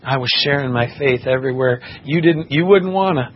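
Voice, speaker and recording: A man's voice: mid-range voice, a little fast. A man preaching a sermon and telling a personal testimony in an earnest, impassioned way. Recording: muffled recording with faint background noise.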